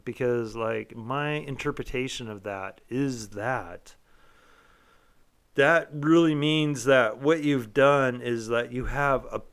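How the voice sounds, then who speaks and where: A man's voice: mid-range voice, slow, fairly bright tone, clean tone. Profane, rambling man in casual chat. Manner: profane, rambling, says he is tipsy.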